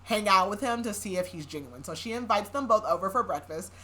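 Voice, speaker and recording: Bright and forceful, her mid-range voice is animated and a bit fast. She's the podcast host giving a chatty book recap, full of sarcastic remarks and frequent laughter.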